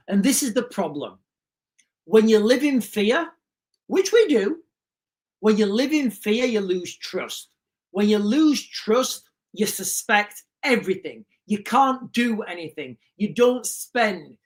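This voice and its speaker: A woman hosting a live stream from a home desk mic, speaking at a middling pitch. She reads out chat comments and answers with sarcasm and emphatic repetition. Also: expressive, takes it slowly. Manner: sarcastic, emphatic, repeats key lines. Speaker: livestream host. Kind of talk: livestream commentary reading chat.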